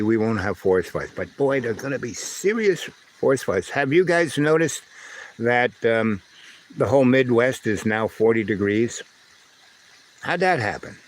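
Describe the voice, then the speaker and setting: A man hosting a casual livestream on an old phone, talking in a halting, rambling way full of fillers and "right?", with a slight lisp and twang. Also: medium pitch. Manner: halting, filler-heavy, asks "right?" often. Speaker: livestream host.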